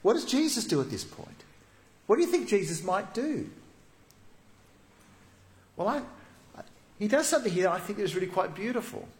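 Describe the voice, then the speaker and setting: A man preaching a sermon as a pastor, telling the story vividly and dropping to soft, hushed tones. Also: sits high, big pitch swings, normal speed, long pauses, reverberant.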